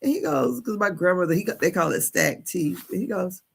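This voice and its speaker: A woman's voice: on the low side, expressive, brisk, gravelly, husky. A woman in her fifties hosting a casual live stream, chatty and candid, laughing often as she talks. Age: 50s. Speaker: podcast host.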